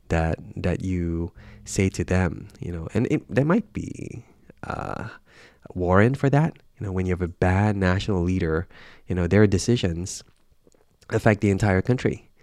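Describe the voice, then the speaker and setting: A man's voice: low voice, a little mellow, no echo, studio quality. A man reading through a Bible passage and reflecting on it aloud in a casual, thoughtful way, with many fillers and restarts. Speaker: Bible reader.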